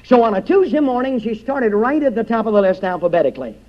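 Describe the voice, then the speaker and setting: High-voiced preacher in a dramatic sermon. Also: male voice, expressive, fast. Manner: dramatic, swings from hushed to loud. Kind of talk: revival sermon. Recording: dull lo-fi recording.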